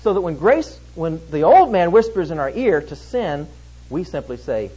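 A man preaching an expository sermon, emphatic, swinging between loud stresses and hushed lines. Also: fairly high pitch, big pitch swings, moderate pace, husky, rough recording.

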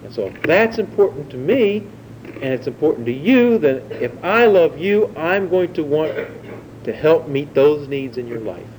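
A preacher delivers a sermon in a conversational teaching style, often posing questions to his listeners, animated and at normal speed. His voice is a bit higher than most men's yet mellow and dark, in a low-quality recording with a faint low rumble underneath.

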